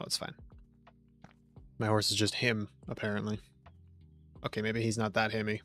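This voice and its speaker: A man's voice: lowish voice, a bit bright. A young man rambling through casual, jokey gameplay commentary on a live stream, chatting to his viewers from home on a desk mic.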